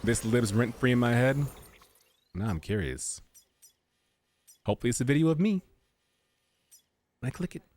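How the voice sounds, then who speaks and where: Jokey animated male game streamer. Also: medium pitch, moderate pace, long pauses. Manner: jokey, rambling, goofy asides and put-on voices. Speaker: streamer playing a video game. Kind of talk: casual gameplay commentary.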